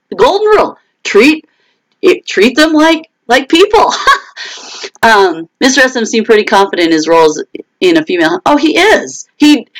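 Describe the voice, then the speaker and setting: A woman's voice: on the high side, rough recording. A woman author hosting a casual live chat, answering viewers by name, with many restarts and short laughs. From United States. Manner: animated, quotes others in raised voices.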